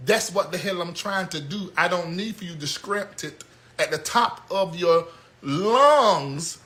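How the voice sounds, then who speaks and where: An American man hosting a comedic commentary show, ranting bluntly with loud outbursts. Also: high voice, unhurried. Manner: animated, blunt, yelling outbursts. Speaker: host.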